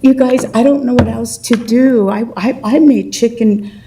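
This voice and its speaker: A woman's voice: fairly high pitch, moderate pace, dark tone, far from the mic, low-quality recording. A woman giving a rambling, emotional public comment at a city council meeting.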